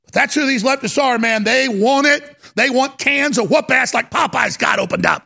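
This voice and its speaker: Loud angry radio host guy, super gravelly and raspy, yells then mutters. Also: normal speed. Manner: swings between yelling and low muttering; fiery, stammering restarts. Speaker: talk show host. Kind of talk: ranting talk radio monologue.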